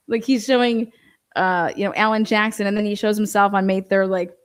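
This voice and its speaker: Woman commentator, indignant and profane, mid-pitched, rebuts the documents she reads aloud. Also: fairly even intonation, normal speed, smooth. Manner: mocks others in quoted voices; reads court filings aloud and rebuts them. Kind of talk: ranting commentary on a court case.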